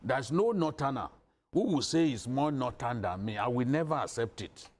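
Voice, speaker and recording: As a guest commentator on a news panel, a northern Nigerian man argues with passion and insistence, repeating himself to hammer his points. He has a mid-range voice with lively intonation and a moderate pace.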